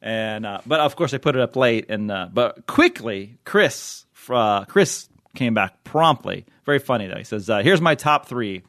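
A man's voice: lowish voice, animated, normal speed, hardly any pauses, fairly bright tone, dry recording, clean studio sound. A man hosting a podcast in casual chat, rambling with many fillers and frequent chuckles. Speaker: podcast host.

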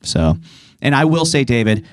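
A New York man appears as a podcast guest, telling stories in a chatty, rambling way and restarting his sentences often. His medium-pitched voice swings widely in pitch at a moderate pace, with no echo.

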